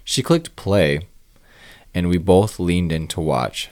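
A man tells a first-person crime story in a measured, grim manner. His voice is extremely low, sitting at the very bottom of the male range. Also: animated, a little mellow. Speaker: narrator.

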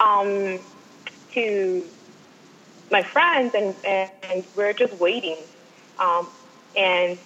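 A woman guest telling an excited fan story, acting out what people said, in casual chat. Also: medium pitch, highs cut off.

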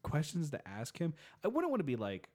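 A man's voice: fairly high pitch, wildly swooping pitch, a little fast, a little mellow. A young man co-hosting a podcast in casual chat, laid-back, laughing often and swearing as he acts out quotes. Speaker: podcast co-host.

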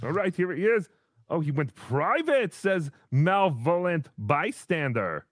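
A man playing a cheery, childish host character in a comedy livestream, talking in a sweet, drawn-out, sing-song way. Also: fairly high pitch, big pitch swings, no room sound, clean studio sound. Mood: bewildered.

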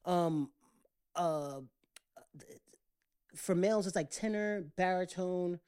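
A man co-hosting a casual podcast, with a fairly high tenor voice, rambling and restarting his sentences often. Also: slow, darkish tone, clear, resonant tone. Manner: rambling, with many restarts and repeated words. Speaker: podcast co-host.

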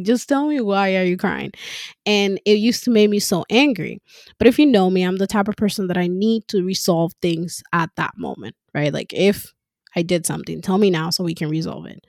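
A woman speaking in a casual monologue as a mother, frank and animated, swearing freely and laughing often. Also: lowish voice, creaky, no room sound, studio quality. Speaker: mother talking about parenting.

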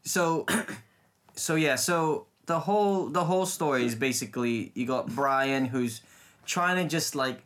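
A man's voice: medium pitch, unhurried, fairly bright tone. Chatty man co-hosting a podcast. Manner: chatty, laughs often, trails off and restarts. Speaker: podcast co-host. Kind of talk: casual film chat.

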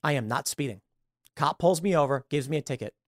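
A male host works through his commentary in an animated, scornful way. His voice sits a little high for a man. The sound is close and dry, with no room echo. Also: brisk. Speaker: show host. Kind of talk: political commentary.

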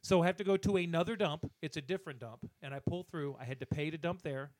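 A man co-hosting a podcast, telling a profane, animated story in a casual rant and voicing the people in it. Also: on the high side, quick pace, dry recording. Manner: animated, profane, acts out other people's lines. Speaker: podcast co-host.

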